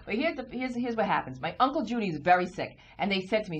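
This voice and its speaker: A woman co-hosting a TV talk show, telling comic stories in an animated way and acting out voices. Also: medium pitch, quick pace, hardly any pauses. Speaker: talk show co-host and comedian. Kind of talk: comic storytelling chat. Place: TV studio.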